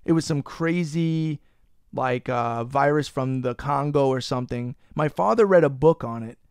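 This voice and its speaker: A man's voice: medium pitch, moderate pace, vocal fry, clear, resonant tone, no room sound, studio quality. A man hosting a casual podcast. He rants, swears freely and teases his co-host. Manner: profane, ranting, teasing his co-host.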